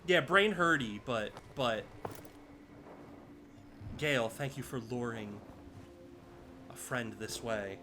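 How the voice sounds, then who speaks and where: Talking slowly with long pauses, a medium-pitched man chats in a casual, scattered way with viewers during a live game stream and swears occasionally. The background is noisy, with music playing behind him.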